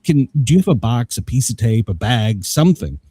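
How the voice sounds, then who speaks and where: Husky man telling a rambling story. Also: mid-range voice, big pitch swings, a little fast, warm tone, no echo. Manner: rambling, laughs often, swears; acts out both sides of conversations. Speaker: live show host. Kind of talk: casual storytelling.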